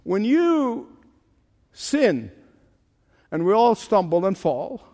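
A man preaching a sermon with emphatic delivery, drawing out key phrases and swinging his pitch up and down for emphasis. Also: sing-song, slow, mellow, big-room sound. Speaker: pastor.

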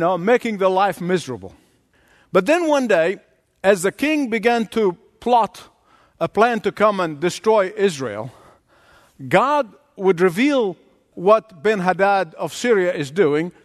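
A middle-aged man preaching a sermon, acting out the scenes he tells with big jumps in voice. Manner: animated preaching, acts out scenes with big pitch leaps. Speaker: pastor. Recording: long hall reverb.

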